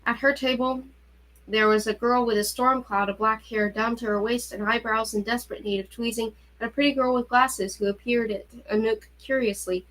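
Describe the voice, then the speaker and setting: Woman narrating a novel, slightly high. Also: steady tone, normal speed, fairly bright tone, rough recording. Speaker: reader. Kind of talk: audiobook-style novel reading.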